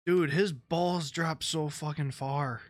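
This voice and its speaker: A man's voice: on the high side, fairly even intonation, slow pace, no echo, studio quality. A man hosting a podcast, bantering casually with plenty of swearing. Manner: laid-back, profane banter. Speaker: podcast host. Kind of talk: casual chat.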